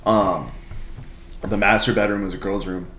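A young man in his twenties telling party stories in casual chat, swearing and laughing, jumping into loud high-pitched quotes. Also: normal speed, roomy sound. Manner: animated, swears a lot, laughs often, jumps into loud high acted quotes.

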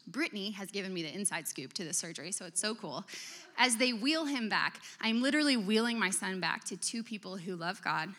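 A woman in her thirties giving a sermon, telling a personal story in an expressive, emotional way. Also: medium pitch. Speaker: speaker. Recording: long hall reverb.

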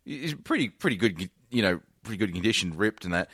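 Dude laughing through a movie recap, voice jumps all over, super dry sound. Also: male voice, fairly low pitch, a little fast, husky, no echo. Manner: laughs while telling, expressive recaps. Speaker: podcast co-host. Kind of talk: casual movie discussion.

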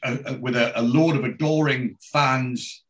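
A man's voice: medium pitch, fairly even intonation, a little slow, a bit bright. Rambling man retelling a TV scene. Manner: rambling, swears, frequent restarts. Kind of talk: casual chat, retelling a television episode.

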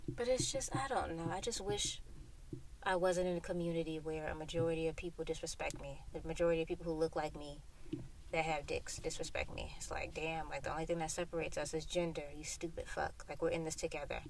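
A woman's voice: low-pitched, fairly even intonation, brisk, slight background noise. Young adult woman, solo podcast host, frank and profane rant, recorded in a car. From Florida. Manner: profane, blunt and heated. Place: inside a hot parked car.

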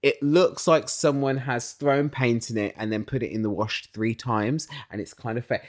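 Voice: medium pitch, normal speed. A British host chatting casually through a reality TV recap, ranting and gossiping with frequent swearing and laughter. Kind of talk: casual solo recap chat.

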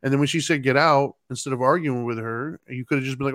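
Talking fast at a medium pitch, this middle-aged podcast co-host tells an animated story in a casual chat, laughing and doing his kids' lines. No room sound can be heard.

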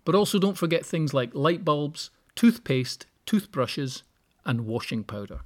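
This solo podcast features a man whose slightly high voice has an unhurried, sing-song quality. He offers useful advice, punctuated by wry jokes.

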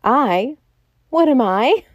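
Woman voicing enormous riddling man, smooth mocking tone, mellow, dry close sound. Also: mid-range voice, lively intonation, measured pace, no room sound, muffled recording. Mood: grand. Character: huge, genial, riddling old male president.

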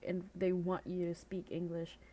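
A woman's voice: fairly low pitch, completely flat delivery, normal speed, dark tone. A woman from the Philippines co-hosting a podcast, chatting casually and filling her sentences with "like" and restarts. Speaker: podcast co-host. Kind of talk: casual chat.

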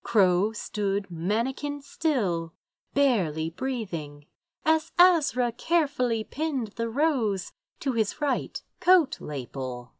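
Slow, expressive woman narrator. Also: a little high, no room sound, studio quality. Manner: expressive, measured storytelling. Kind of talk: audiobook narration.

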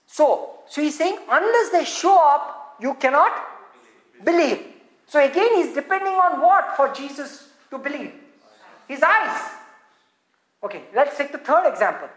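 A woman preaching with a high, bright voice that climbs when she gets excited and drops low when she goes quiet. She fires rhetorical questions at the congregation. The room adds a roomy echo. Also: a little slow. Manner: animated, rhetorical questions, swings from loud to hushed. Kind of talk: sermon.

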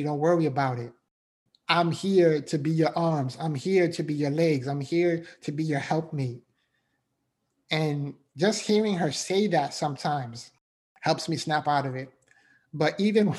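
A man's voice: on the high side, a little mellow. Earnest man giving a motivational talk. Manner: earnest, repetitive, emphatic, frequent "right?". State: emotional. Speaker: motivational speaker. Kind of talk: faith-based motivational talk.

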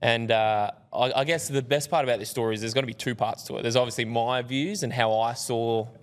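A young man telling a self-mocking story as a podcast guest, animated and joking. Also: medium pitch, a little fast, long reverb tail. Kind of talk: casual storytelling. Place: podcast studio.

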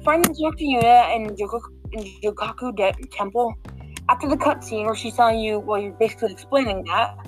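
A woman talks through a game mission in easy, meandering chat. Her voice sits fairly high, and she keeps restarting and filling gaps with "like" and "um". Faint music plays under her. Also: a little fast, low-quality recording. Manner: rambling, full of fillers and restarts. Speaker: game walkthrough guide. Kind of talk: casual walkthrough chat.

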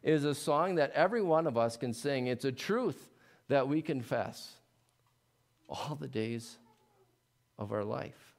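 A male pastor preaching a sermon in an earnest way, swelling into emphatic pleading and then dropping soft. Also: medium pitch, expressive, measured pace, creaky, pauses often.

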